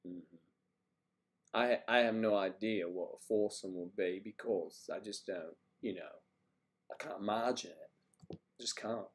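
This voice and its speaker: A man's voice: on the low side, unhurried, long pauses. A man hosting a livestream, chatting casually and rambling as he answers viewer comments. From United States. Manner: rambling, chatty, wandering between topics. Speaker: livestream host.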